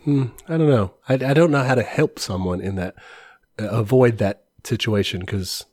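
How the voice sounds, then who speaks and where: A man co-hosts a podcast of casual political chat, speaking earnestly and rambling with many restarts. His mid-range, slightly mellow voice moves at a moderate pace, recorded at studio quality with no echo.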